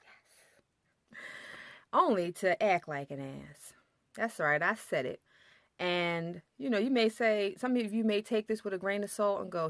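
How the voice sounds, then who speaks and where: A woman's voice: mid-range voice, expressive, a little slow, pauses often, no room sound, clean studio sound. A woman giving casual relationship advice to her viewers in a blunt, sassy, emphatic way, full of slang.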